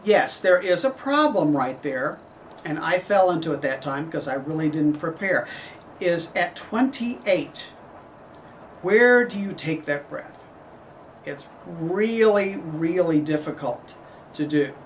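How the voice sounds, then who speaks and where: A middle-aged man teaching a horn clinic, explaining phrasing in a measured way and singing passages on syllables. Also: fairly high pitch, lively intonation, distant mic, a little hiss or hum. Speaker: horn professor giving a clinic. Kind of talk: instructional clinic talk.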